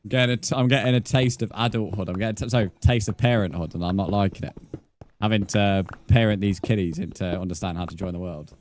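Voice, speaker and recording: Young male gaming streamer, lower voice, cheeky banter with viewers, noisy clicky mic. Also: quick pace, a little mellow. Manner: joking banter with chat, laughs often. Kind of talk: live-stream chat while playing.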